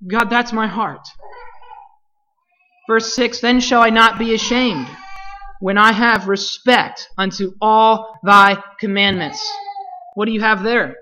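A Bible teacher leading a study, speaking deliberately and putting questions to the class. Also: mid-range voice, pushed and bright, muffled recording.

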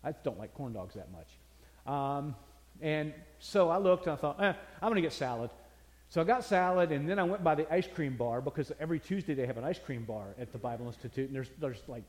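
A man's voice: on the high side, big-room sound. An older man preaching to a crowd, telling homely stories in an earnest, folksy way. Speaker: pastor. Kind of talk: sermon.

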